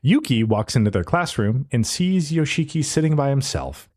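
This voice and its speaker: A man co-hosting a podcast, casually recapping an episode in a relaxed, slangy way. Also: medium pitch, normal speed. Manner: animated retelling, relaxed slang. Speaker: podcast co-host.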